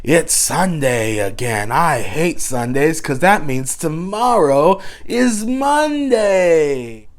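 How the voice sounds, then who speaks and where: A man putting on a gloomy, whiny gremlin voice that moans slowly about the week. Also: fairly high pitch, sing-song. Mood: gloomy whining. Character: mopey grumbling gremlin dreading Mondays.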